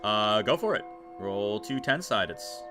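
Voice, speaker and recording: A man running a tabletop game on a live stream, narrating scenes with animated, laughing delivery. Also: fairly low pitch, unhurried, over music. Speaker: game master.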